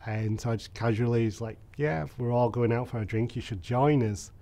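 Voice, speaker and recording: A man, telling his own story candidly and reflectively in an interview, with frequent soft fillers. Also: medium pitch, fairly quick. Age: 30s.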